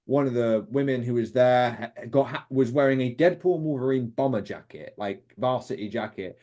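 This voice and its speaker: A young British man speaks as an interview guest, recounting his time as a film extra. He rambles enthusiastically, with frequent fillers and restarts, at a middle pitch. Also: moderate pace, dark tone. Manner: enthusiastic, rambling, lots of fillers and quoted voices. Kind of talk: casual interview storytelling.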